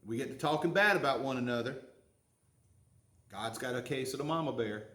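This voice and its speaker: A man's voice: mid-range voice, brisk, sharp tone, reverberant. A man, preaching a sermon in a folksy, conversational way, full of questions to the congregation. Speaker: pastor.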